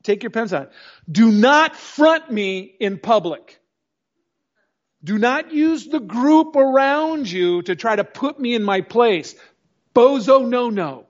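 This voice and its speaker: Middle-aged guy preaching hard, pretty high voice, muffled lo-fi sound. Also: animated, takes it slowly. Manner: emphatic, storytelling, addresses the congregation directly. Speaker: pastor. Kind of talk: sermon. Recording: dull lo-fi recording.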